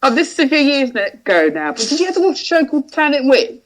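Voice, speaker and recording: A woman's voice: sits high, sing-song, fast talker. A woman from Britain co-hosting a podcast in casual chat, giving short, understated replies. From United Kingdom. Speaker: podcast co-host.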